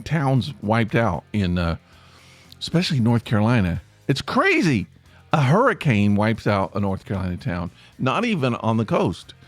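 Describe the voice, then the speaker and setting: A man from Tennessee with an East Tennessee Appalachian accent, hosting a podcast as a chatty, rambling monologue in the manner of a storyteller. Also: on the low side. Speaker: podcast host.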